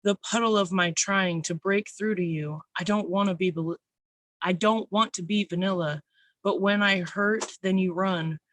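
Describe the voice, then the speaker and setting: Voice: medium pitch, fairly even intonation, moderate pace, a bit bright, no echo. A poet reading their own spoken word poems at an online open mic, nervous but intense.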